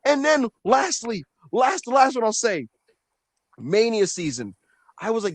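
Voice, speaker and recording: High-voiced ranting man. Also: measured pace, dry recording, low-quality recording. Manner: animated ranting, swearing, mocking quoted critics. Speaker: podcast co-host. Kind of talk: casual wrestling podcast rant.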